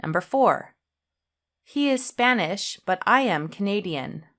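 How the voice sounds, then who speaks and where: A woman teaching an English punctuation lesson, reading example sentences aloud in a deliberate way and saying each comma out loud. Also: medium pitch, animated.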